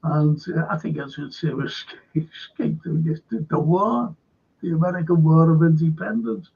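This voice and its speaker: Gravelly Scouse man telling local history. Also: on the high side, moderate pace. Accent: Liverpool (Scouse). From Liverpool, England. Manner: rambling anecdotal storyteller with frequent fillers. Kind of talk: casual storytelling chat. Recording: dull lo-fi sound.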